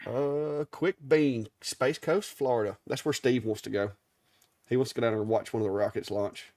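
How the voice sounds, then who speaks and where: Middle-aged Southern man with an Alabama accent, easygoing live-show co-host, mid pitch, dry and close. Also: normal speed, a little mellow, no room sound. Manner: easygoing drawl, stumbles over names. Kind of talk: casual live-stream chat.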